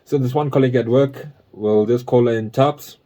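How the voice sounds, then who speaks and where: A man's voice: medium pitch, fairly even intonation, normal speed, mellow. Young South African man, podcast co-host, profane jokey storyteller. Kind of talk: casual chat.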